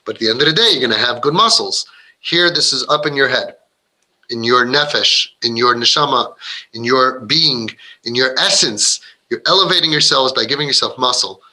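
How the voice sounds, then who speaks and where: A man's voice: mid-range voice, expressive, normal speed, sharp tone, low-quality recording. A man giving an earnest, rambling inspirational talk to parents, often restarting his sentences and acting out what kids and parents say. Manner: acts out quoted voices of kids and parents. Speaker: parenting speaker.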